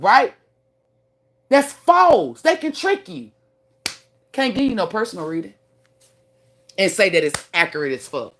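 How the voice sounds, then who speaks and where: Blunt, profane woman preaching on livestream. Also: on the high side. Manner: preachy, lecturing tone. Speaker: spiritual teacher. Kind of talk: livestream rant.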